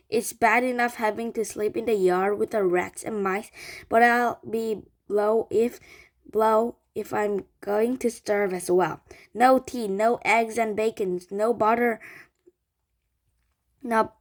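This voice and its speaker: A woman voicing an enormous, greedy old grandmother who shouts and scolds everyone, reading slowly. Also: on the high side, steady tone. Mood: loud scolding. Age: over 60.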